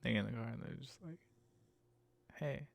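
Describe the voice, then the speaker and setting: A man's voice: rapid-fire, creaky, no echo. A man hosting a podcast, talking about his work as a rideshare driver in a casual, profane, exasperated rant that he laughs through. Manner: animated, jumps into higher pitch when mocking. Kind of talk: casual ranting monologue.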